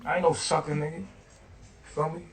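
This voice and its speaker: A man's voice: a little high, level tone, brisk, distant mic. A man talking casually on a livestream in a slangy, laid-back way. He keeps asking "you feel me". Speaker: livestreamer in played clip.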